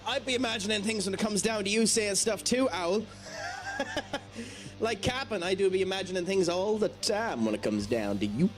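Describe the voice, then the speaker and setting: Giggly high-voiced Irish gaming streamer. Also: male voice. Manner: laughs often, swears, reacts loudly. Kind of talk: live gameplay commentary chatting with viewers. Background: game music.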